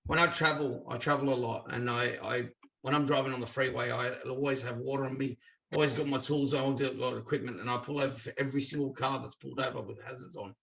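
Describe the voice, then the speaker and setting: A man's voice: medium pitch, fast, creaky, lo-fi sound. A man with an Australian accent, a guest telling stories in a chatty way and acting out the people he quotes. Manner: chatty, acts out quoted dialogue with lively voices. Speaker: interview guest. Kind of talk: casual storytelling.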